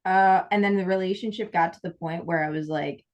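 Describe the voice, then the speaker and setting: Candid woman with a low voice. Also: steady tone, fairly quick, a little mellow, dull audio. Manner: candid, rambling with frequent restarts and quoted asides. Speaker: podcast co-host. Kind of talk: casual heartfelt conversation.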